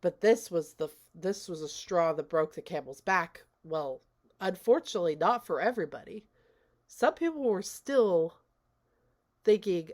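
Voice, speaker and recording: A woman's voice: on the low side, animated, unhurried. A woman casually recapping a film scene by scene, chatty and full of "like" as she retells what characters say. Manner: chatty, retells scenes with lots of "like" and quoted dialogue. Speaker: movie reviewer. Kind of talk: casual spoken movie recap.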